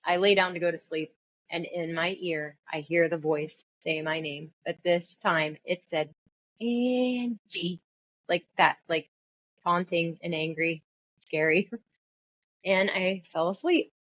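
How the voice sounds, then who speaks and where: A middle-aged woman with a lowish voice tells her personal testimony earnestly, her retelling turning animated and alarmed at its tense moments. The recording is dull and a little lo-fi. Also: unhurried. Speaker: testimony speaker.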